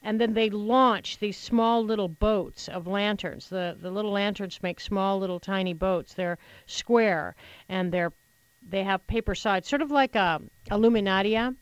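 Reflective woman, smooth dry voice. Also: medium pitch, dry recording, lo-fi sound. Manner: reflective, halting, with frequent restarts and repeated words. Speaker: radio host. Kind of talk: personal storytelling monologue.

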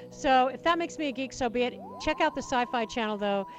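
A woman hosting a talk radio show, chatty and enthusiastic, with quick asides, speaking into a studio microphone. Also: high-pitched, expressive, music in the background, rough recording. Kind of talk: talk radio chat with callers.

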